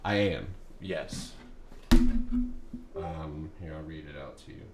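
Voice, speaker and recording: A man's voice: rumbling low, slow pace. A man casually talking through stock trades as a streamer, loose and full of fillers. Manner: loose and filler-heavy, restarts often. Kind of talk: casual trading talk. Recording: echoey room, faint background noise.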